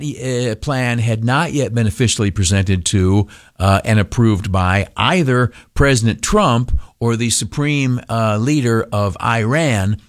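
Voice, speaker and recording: A man hosting a morning radio show, talking casually and rambling with many fillers and self-deprecating asides. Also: mid-range voice. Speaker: radio host.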